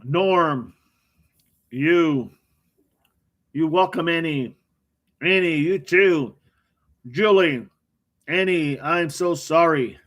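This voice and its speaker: High-voiced man reading live chat. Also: fairly bright tone. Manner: reads viewer comments aloud by name, joking and quick responses. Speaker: livestream host reading chat.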